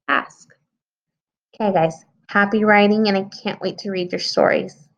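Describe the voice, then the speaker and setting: Woman teacher, gravelly voice, patient kid-friendly lesson, dull lo-fi recording. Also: medium pitch, fairly even intonation, moderate pace. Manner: patient, talks to young children, thinks aloud while editing. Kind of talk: early-grade writing lesson. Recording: slightly dull lo-fi sound.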